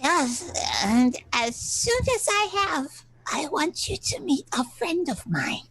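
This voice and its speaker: Woman as a kindly male doctor sidekick, high-pitched, slow, breathy voice, amateur radio play. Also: big pitch swings, a bit bright, dry recording, heavily acted, rough recording. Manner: slow, earnest, with laughter. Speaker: narrator.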